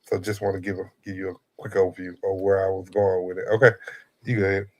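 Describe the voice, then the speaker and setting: Rambling low-voiced man podcast host. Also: level tone. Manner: rambling, halting, full of fillers and repeats. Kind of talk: casual conversational chat.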